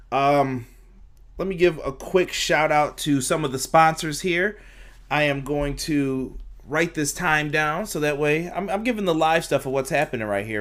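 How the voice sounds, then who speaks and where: Male podcast host, excitable, a bit high-voiced, acts out reactions. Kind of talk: casual wrestling chat.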